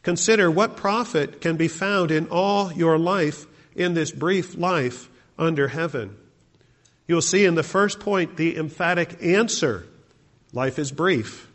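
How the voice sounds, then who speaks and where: A man's voice: fairly high pitch, slow, a bit bright. A male pastor preaching a sermon, asking the congregation rhetorical questions.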